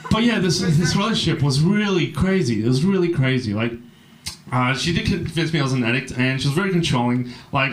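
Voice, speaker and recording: Comedian ranting on stage, noisy room. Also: male voice, a little high, lively intonation, fairly quick. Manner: rambling, self-deprecating, swearing, acts out other voices. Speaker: stand-up comedian. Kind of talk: stand-up comedy set.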